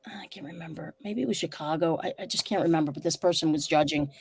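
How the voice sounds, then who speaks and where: A woman's voice: deep voice, quick pace, husky, no room sound. A woman martial arts school owner telling stories bluntly and animatedly in a casual podcast interview. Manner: animated, blunt, repeats herself when indignant.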